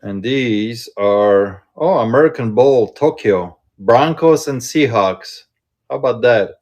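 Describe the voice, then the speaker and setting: A man hosting a casual live-stream sale from inside a shop, chatting and thinking aloud in an unhurried way. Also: medium pitch, animated, a little mellow, lo-fi sound. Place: indoors in a card shop.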